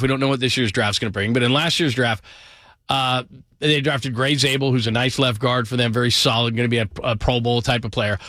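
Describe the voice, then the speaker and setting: A middle-aged man giving an energetic, emphatic sports talk monologue about football, piling up names and quick asides. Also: mid-range voice, no echo, clean studio sound. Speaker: football commentator.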